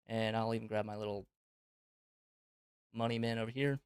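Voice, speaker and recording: A man's voice: on the low side, flat delivery, a little fast, pauses often, smooth, no room sound, clean studio sound. A man hosting a live Q&A stream, explaining things on screen in a loose, conversational way with plenty of fillers. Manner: loose and conversational, thinking aloud with many fillers.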